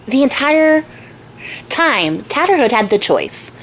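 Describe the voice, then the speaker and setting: A woman's voice: high voice, big pitch swings, slow pace, a bit bright, a little hiss or hum. A woman host retelling a folk tale in a chatty, slangy way, often laughing. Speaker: craft channel host.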